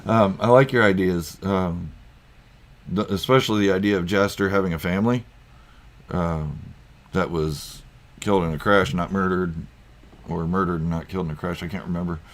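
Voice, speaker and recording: A man's voice: low voice, fairly even intonation, moderate pace. A man hosting a casual live stream from home, rambling through viewer comments with lots of ums and chuckles. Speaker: YouTube channel host.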